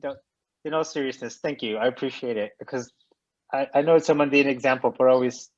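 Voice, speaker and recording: A man's voice: medium pitch, fairly even intonation, brisk, a little mellow, lo-fi sound. A man hosting a session, asking questions casually, thinking aloud with hesitant restarts and self-deprecating humor over a video call. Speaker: session host.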